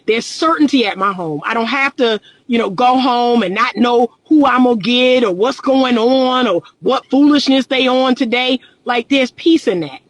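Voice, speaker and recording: A woman's voice: fairly high pitch, normal speed, few pauses, poor audio. A middle-aged woman and relationship coach, talking candidly and emphatically in a casual livestream, repeating her points and often laughing.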